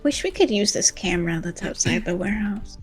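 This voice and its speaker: A woman's voice: medium pitch, lively intonation, brisk, faint music behind. A woman guest streamer in casual, easygoing chat while playing a game.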